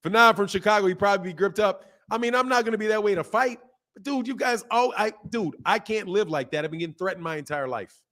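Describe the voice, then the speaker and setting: A man in his fifties hosting a boxing live stream, ranting at his chat in an animated, exasperated way. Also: high voice, fast. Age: 50s. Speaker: boxing channel host.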